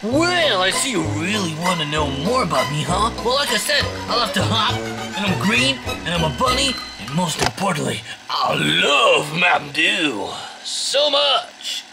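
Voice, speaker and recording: A man's voice: sits high, sing-song, a little fast, low-quality recording. A man voicing a cheery, hyperactive male green bunny toy in a bouncy, gushing sing-song, with music behind.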